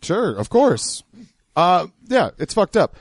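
A man's voice: high-pitched, big pitch swings, slow pace, no room sound. A man hosting a podcast, explaining things in a wry, casual way and swearing now and then. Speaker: podcast host. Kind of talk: casual commentary.

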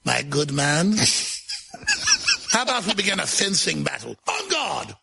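A man's voice: high-pitched, huge pitch swings, takes it slowly, vocal fry, background noise, full character voice. A man doing a pompous posh British gent. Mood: teasing. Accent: put-on British.

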